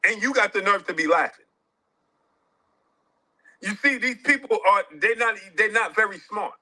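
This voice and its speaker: A man talks boxing in a scornful, argumentative way. His voice is high and keeps swooping up and down. Its tone is sharp and tense. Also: expressive, normal speed, long pauses, poor audio. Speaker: boxing manager and show host. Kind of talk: heated sports commentary.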